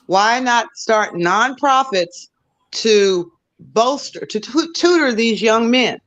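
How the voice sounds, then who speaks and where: A woman's voice: on the high side, expressive, slow, fairly bright tone, muffled recording. An American woman on a podcast panel, arguing her case and explaining in numbered points. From United States. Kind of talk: heated panel discussion.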